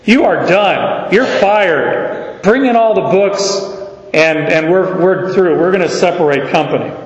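A stern male master hands down curt orders, as a preacher plays him. His voice sits a little high. It rings through a long-echoing hall, and the recording sounds muffled. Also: unhurried. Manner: blunt, commanding. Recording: echoey hall, dull sound.

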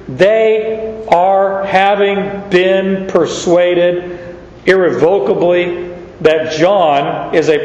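A male pastor preaching a sermon, teaching slowly through Bible verses with chuckles. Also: high-pitched. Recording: echoey church hall, dull sound, faint noise.

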